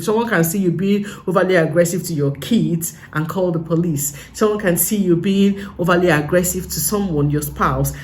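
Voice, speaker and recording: A woman's voice: fairly low pitch, a little hiss or hum. A young adult woman with a Nigerian English accent, giving casual advice in a vlog and driving home her points with emphatic repetition. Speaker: vlogger.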